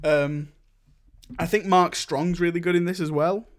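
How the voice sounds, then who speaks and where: A man's voice: high-pitched, steady tone, a little slow. A young man co-hosting a film podcast, chatting casually, laughing a lot and acting out lines from movies. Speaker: podcast co-host. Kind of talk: casual chat.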